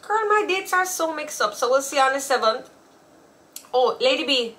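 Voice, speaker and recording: A chatty woman in her thirties, co-hosting a relaxed talk show. Her voice is bright and sits a little high, and she tells her stories with easy laughter. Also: moderate pace. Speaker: podcast co-host. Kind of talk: casual chat.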